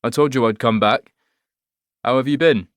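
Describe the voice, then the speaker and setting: A man reading an audiobook, voicing a calm, patient man psychologist who asks gentle questions. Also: mid-range voice, moderate pace, no room sound, studio quality, close to an everyday voice.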